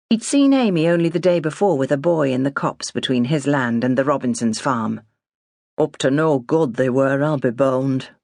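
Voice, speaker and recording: A woman's voice: low voice, darkish tone, no echo. Woman reading a novel aloud, dry sound. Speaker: audiobook narrator. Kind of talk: scripted narration.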